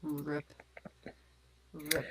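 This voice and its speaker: A woman's voice: deep voice, monotone, very slow. A woman with a South African accent, co-hosting a live stream in a casual, joking, self-mocking way. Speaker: co-host of a live portfolio review stream. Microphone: desk mic on a live stream.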